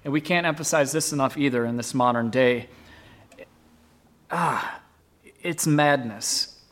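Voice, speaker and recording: A man preaching a sermon, emphatic, swinging between loud bursts and hushed asides. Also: medium pitch, measured pace.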